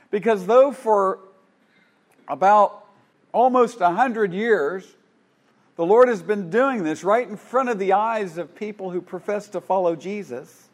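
Fervent high-voiced male preacher. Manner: fervent, rising and falling, with many restarts. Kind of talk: sermon.

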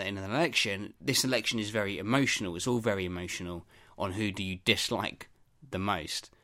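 A man's voice: fairly low pitch, a bit bright. A man hosting a podcast, giving wry and chatty commentary on the news. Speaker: podcast host. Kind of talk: casual topical commentary.

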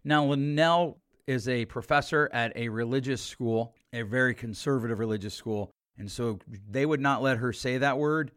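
A man's voice: medium pitch, moderate pace, hardly any pauses, fairly bright tone, clear, resonant tone. A man, a therapist, talking through a podcast monologue with emphasis and repeated points.

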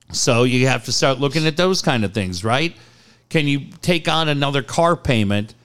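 Animated, blunt male radio host. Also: medium pitch, normal speed, clean tone. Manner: blunt, animated storytelling with swearing and laughs. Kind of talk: casual sports talk and live ad reads.

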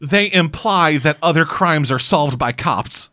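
A man's voice: fairly high pitch, lively intonation, unhurried, bright, forceful tone, dry recording. Man joking in dry close sound. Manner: joking, blunt, swears casually. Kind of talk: casual chat.

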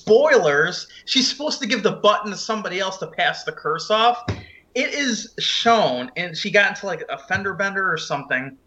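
A man's voice: high-pitched, bright, forceful tone, highs cut off. A man on a podcast, swearing and ranting heatedly about a film in casual chat. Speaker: podcast co-host.

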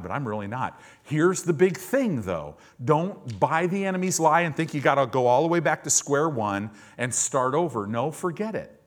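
Animated male pastor preaching. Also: medium pitch. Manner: animated storytelling, acting out quoted voices. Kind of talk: sermon. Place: church service with congregation responding.

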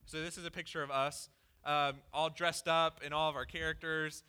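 A pastor giving a conversational sermon, candidly telling a personal story with lots of "like" fillers. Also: male voice, fairly high pitch, little pitch movement, normal speed, sharp tone, clear, resonant tone. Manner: casual and candid, peppered with "like".

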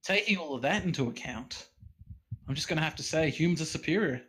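A man, a podcast guest chatting casually and haltingly, with many fillers and restarts. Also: on the high side, animated, fairly bright tone, low-quality recording. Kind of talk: casual chat.

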